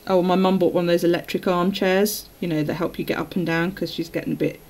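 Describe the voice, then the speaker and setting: A woman's voice: on the low side, steady tone, fast talker, a little mellow, rough recording. A woman chatting casually on a live stream while journaling, telling stories and laughing often.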